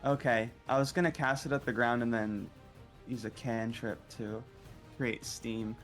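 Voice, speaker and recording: A man's voice: medium pitch, fairly even intonation, measured pace, fairly bright tone, faint music behind. A man playing a tabletop game, thinking aloud and hesitant as he plans his move. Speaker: player. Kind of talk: casual tabletop game play.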